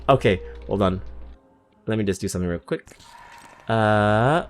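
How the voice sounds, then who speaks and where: A man's voice: lowish voice, a little slow, soft background music. A man from Massachusetts doing casual game commentary as a streamer, joking, swearing and poking fun at himself. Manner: joking, swears, self-mocking.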